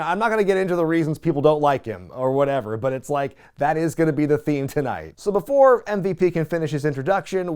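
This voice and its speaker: A man's voice: a little high, darkish tone, smooth. A man hosting a wrestling recap show, talking in a wry, chatty way and laughing at what he describes. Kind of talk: casual recap commentary.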